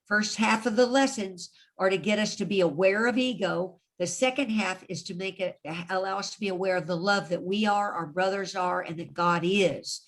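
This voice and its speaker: A woman's voice: medium pitch, normal speed, few pauses. A woman leading an online study group on a video call, chatty and encouraging, laughing often. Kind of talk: casual online group discussion.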